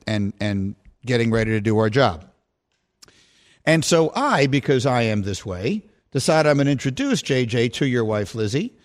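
A middle-aged man hosting a sports talk show, telling a story with lively quoted voices. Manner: animated storyteller, voice jumps high when quoting. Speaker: sports radio host.

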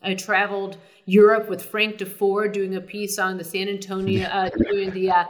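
Animated middle-aged woman telling stories. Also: mid-range voice, moderate pace, noisy background. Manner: animated, many fillers and restarts. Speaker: sportscaster guest. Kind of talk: casual storytelling interview.

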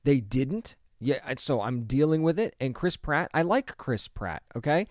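A man's voice: medium pitch, sing-song, normal speed, dry recording, studio quality. A man in his thirties or forties giving opinionated solo commentary, emphatic and conversational, with lots of rhetorical questions. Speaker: pop culture commentator.

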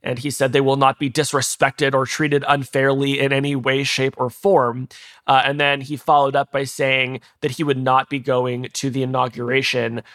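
A man, a tech journalist, explaining events in a measured way as an interview guest. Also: mid-range voice, little pitch movement, a bit bright.

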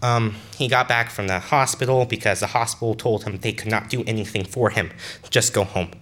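Young male storyteller, bright voice, earnest and halting, casual delivery. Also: lowish voice, fairly even intonation. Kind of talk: personal story told to an audience.

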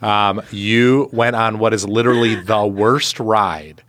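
Wry, low-voiced male podcast host. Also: slow pace, a bit bright, dry recording. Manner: wry, amused commentary. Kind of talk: casual panel chat.

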